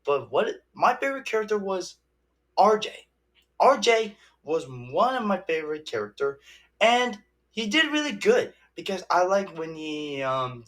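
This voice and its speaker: Slow, rambling young man reviewing a movie. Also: a little high, fairly bright tone. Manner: rambling, halting, many restarts and fillers.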